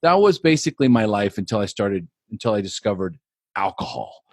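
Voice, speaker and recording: A man's voice: fairly low pitch, very animated, fairly quick, darkish tone, dry recording, clean studio sound. Earnest man telling his life story. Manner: earnest, repeats words while building a story. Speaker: podcast guest, life coach. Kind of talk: personal storytelling.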